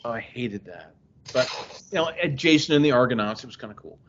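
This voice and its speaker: A man in casual conversation as a podcast guest, telling stories with lively, acted-out quotes. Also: mid-range voice, fairly quick, slight background noise. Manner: animated storyteller, acts out quoted voices. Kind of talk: casual chat. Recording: dull lo-fi audio.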